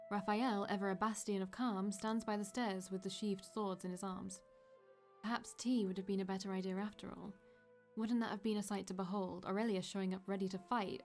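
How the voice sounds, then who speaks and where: A woman streamer reading a visual novel aloud in steady first-person narration, with brief off-script asides. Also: medium pitch. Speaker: let's play streamer.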